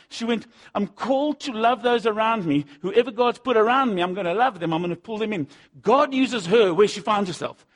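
Husky man, preaching, high voice, loud punchy lines and low asides. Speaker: pastor. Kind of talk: sermon.

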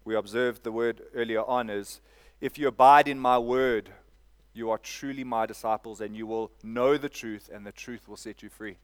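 A man's voice: medium pitch, steady tone, moderate pace, smooth. A man preaching a sermon, repeating phrases and asking "Amen?" of the congregation. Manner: preaching with call-and-response "Amen?" and repetition. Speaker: pastor.

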